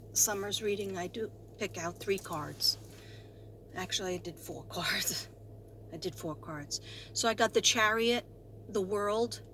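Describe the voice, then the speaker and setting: A woman psychic talking to camera, earnest and halting, with many fillers and restarts as she passes on spirit messages. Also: medium pitch, a bit bright, slight background noise. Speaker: psychic medium and tarot reader. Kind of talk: slow talk to camera, reading spirit messages.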